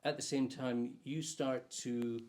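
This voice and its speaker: A man's voice: mid-range voice, little pitch movement, slow, a little mellow. Man prompting a friend's stories. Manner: friendly prompting, recalls shared memories. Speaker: interviewer. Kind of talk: casual chat.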